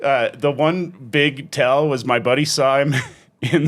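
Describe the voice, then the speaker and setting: A man hosting a podcast in casual chat, telling stories with lively acted-out quotes and lots of swearing. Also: medium pitch, measured pace. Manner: animated storyteller, acts out quotes loudly, swears a lot. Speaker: podcast host.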